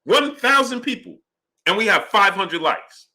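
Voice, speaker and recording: Animated man ranting on a live stream. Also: high-pitched, a little slow. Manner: animated and heated, greets chat names. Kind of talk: live boxing commentary stream.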